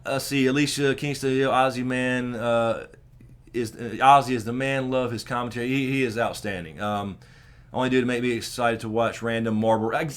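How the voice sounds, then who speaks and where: A man with a Southern American accent hosts a casual live stream, reading out viewer questions and answering them. He swears freely, his brisk, smooth voice swinging from low mutters to loud, animated bursts.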